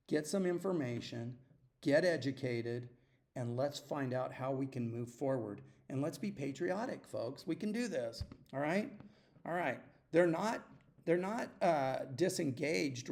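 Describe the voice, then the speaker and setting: A man hosting a solo podcast, talking earnestly and urging his listeners, often clearing his throat and restarting sentences. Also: mid-range voice, a little mellow. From United States. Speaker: podcast host. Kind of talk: opinionated solo podcast monologue.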